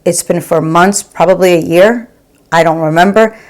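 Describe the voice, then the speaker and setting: A woman's voice: on the low side, moderate pace, darkish tone. A middle-aged woman and nurse reviewing her favorite makeup to camera in a gushing, chatty way, calling viewers "girl". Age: 40s or 50s. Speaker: beauty vlogger and OR nurse.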